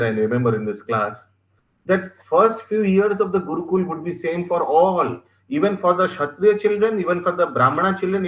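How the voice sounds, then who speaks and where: A man with an Indian English accent teaching a scripture class, animated and stressing words as he gives examples. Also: fairly high pitch, reverberant, phone-quality sound.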